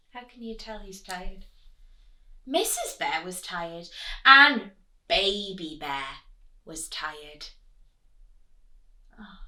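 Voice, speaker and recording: A woman's voice: medium pitch, fairly bright tone. A woman reading a picture book aloud to children. She asks questions as she goes and often drops into whispers. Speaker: children's storyteller. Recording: echoey room, distant mic.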